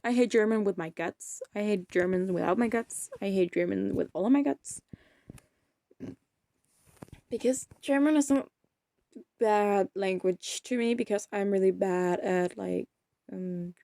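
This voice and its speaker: A woman's voice: mid-range voice, measured pace, vocal fry, warm tone, dry recording. A young woman of eighteen, chatting in a rambling, self-deprecating way in a casual vlog. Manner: rambling, self-deprecating, often trails off into mumbles. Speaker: vlogger. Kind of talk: rambling casual vlog chat while playing a game.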